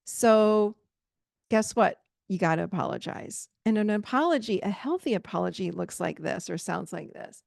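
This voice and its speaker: A woman talks straight to her listeners as a relationship coach on her podcast, emphatic and direct. Her voice has a gravelly fry at mid pitch. The sound is close and dry. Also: moderate pace, darkish tone, dry recording. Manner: emphatic, direct, conversational, addresses listeners as "you guys". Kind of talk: solo podcast advice talk.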